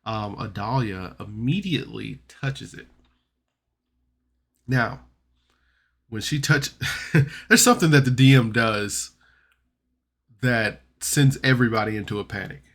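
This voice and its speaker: A man talks through a podcast recap of a tabletop game in a loose, rambling way. His voice sits at an ordinary middle pitch. He stops and restarts a lot, filling the gaps with ums and uhs. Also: unhurried, pauses often, a bit bright. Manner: rambling, chatty, many fillers and restarts. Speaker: podcast reviewer.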